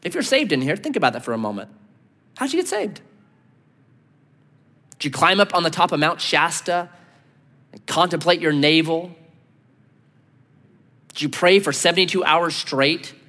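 A man preaching as pastor, telling stories with animated delivery and acting out the people he quotes. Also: fairly high pitch, normal speed, pauses often. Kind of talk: sermon. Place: church sanctuary. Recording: long hall reverb.

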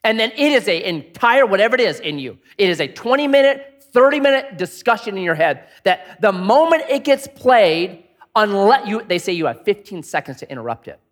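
A man's voice: sits high, big pitch swings, brisk, a bit bright. A man preaching a sermon in a conversational way, asking many rhetorical questions and acting out angry inner voices. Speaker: pastor.

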